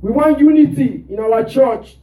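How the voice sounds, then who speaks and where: High-voiced preacher calling to his congregation. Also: normal speed, dark tone, recorded from a distance. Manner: call-and-response preaching, rhetorical "what?" prompts. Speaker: pastor. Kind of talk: sermon. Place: church. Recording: roomy church sound from off mic.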